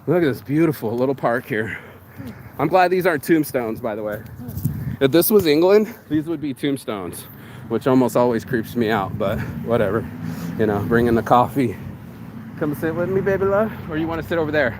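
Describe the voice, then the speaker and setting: A man's voice: medium pitch, animated, moderate pace, background noise. A man rambling through a profane, preachy motivational talk while vlogging in an outdoor park. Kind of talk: casual motivational vlog.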